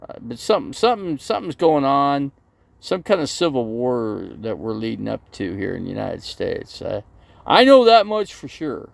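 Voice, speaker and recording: Gravelly, animated man livestreaming. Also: medium pitch, normal speed, no echo. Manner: rambling, reads viewer comments aloud and answers them. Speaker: RV channel livestreamer. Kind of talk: casual live-stream chat.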